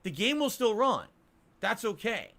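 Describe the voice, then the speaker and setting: A man's voice: high-pitched, sing-song, measured pace, bright, forceful tone. A male streamer complaining at length in an indignant, ranting monologue.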